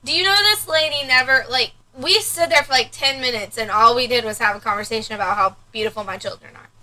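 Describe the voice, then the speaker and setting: A woman co-hosts a casual podcast, her voice sitting high and sounding crisp and bright. She tells stories with energy and slips into other people's voices when she quotes them. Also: quick pace, poor audio. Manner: animated storyteller who acts out quoted voices. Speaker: podcast co-host. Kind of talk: casual chat.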